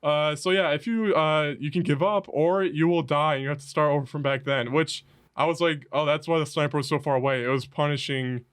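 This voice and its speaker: A man's voice: a little high, smooth. Chatty young man retelling a game. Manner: animated storytelling, acts out game characters in quick asides. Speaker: podcast co-host. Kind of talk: casual chat.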